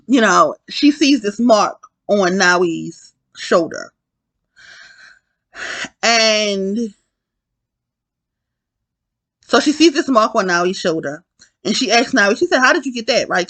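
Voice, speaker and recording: A woman's voice: medium pitch, fairly bright tone, no room sound. A woman recapping a film in a casual, rambling way, swearing freely and checking in with her viewers. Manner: rambling, profane, keeps asking "right?" and addressing "y'all". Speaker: film reviewer.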